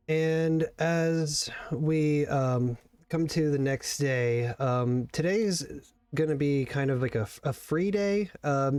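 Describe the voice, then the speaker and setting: A man acting as game master, narrating and explaining slowly with many pauses and fillers. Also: mid-range voice, darkish tone, clean tone, dry recording. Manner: slow and halting, many ums.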